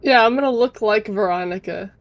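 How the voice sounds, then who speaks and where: A woman's voice: mid-range voice, a little fast, no echo. A woman playing a tabletop game, joking and playful in casual talk. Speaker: player. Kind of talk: casual tabletop role-play.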